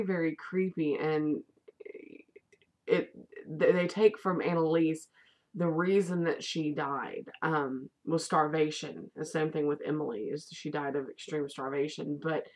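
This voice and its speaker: A woman vlogger in casual, rambling chat reviewing a favorite movie, with the odd casual swear. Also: low-pitched.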